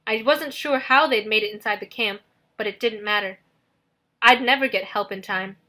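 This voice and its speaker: A woman narrating an audiobook in the first person, in a steady, dramatic storytelling manner. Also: medium pitch, moderate pace.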